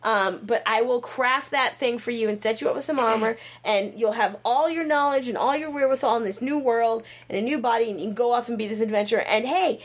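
A woman putting on the lines of a smug, airheaded young goddess who brushes things off, in a casual retelling. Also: on the high side. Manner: breezy, dismissive, giggly.

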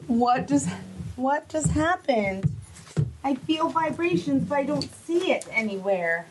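A woman's voice: high-pitched, lively intonation, unhurried, background noise. A woman hosting a podcast, flustered and swearing as she laughs at herself, a little drunk. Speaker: podcast host. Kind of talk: casual chat.

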